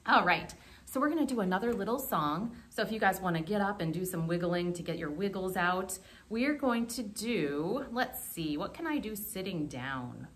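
Animated woman reading to children. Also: medium pitch, normal speed, few pauses. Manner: animated and expressive. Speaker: children's librarian. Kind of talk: remote children's storytime.

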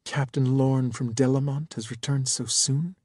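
A man voicing a gentle, innocent-seeming alien female ruler in her thirties, speaking softly and earnestly in an audiobook. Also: mid-range voice, steady tone, measured pace, husky, no echo, studio quality. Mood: alarmed.

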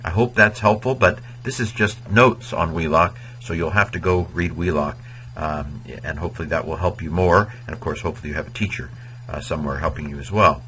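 A man's voice: sits low, brisk, pushed and bright, a little hiss or hum, poor audio. A man teaching Latin grammar in an informal video lecture, chatty and digressive, sometimes chanting verb endings in a sing-song rhythm. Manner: chatty and digressive, with many fillers.

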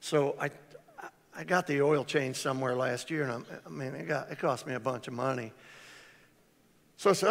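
A man pastor preaching a storytelling sermon, his voice swinging loud on exclamations. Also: a little high, steady tone, moderate pace, creaky, pauses often. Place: large church hall. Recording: reverberant church hall.

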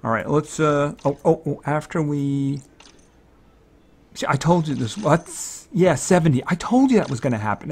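A man giving casual gameplay commentary, thinking aloud, excitable and fretting over each purchase. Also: on the high side, moderate pace. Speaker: let's-play commentator.

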